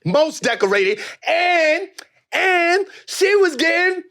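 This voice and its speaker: A man hosting a podcast, talking in a casual comedic chat with animated, profane, joking rants. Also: very high-pitched, slow pace, vocal fry. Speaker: podcast host.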